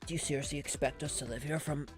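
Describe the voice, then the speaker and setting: A man's voice: on the high side, steady tone, fast talker, over music, close to an everyday voice. A man voicing a hot-headed young male tough guy in a video game, blunt and defiant.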